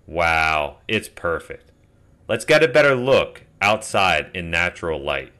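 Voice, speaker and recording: A man calmly narrating a step-by-step metal casting tutorial as a voice-over. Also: low voice, measured pace. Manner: calm step-by-step explaining. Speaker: DIY metal casting channel host.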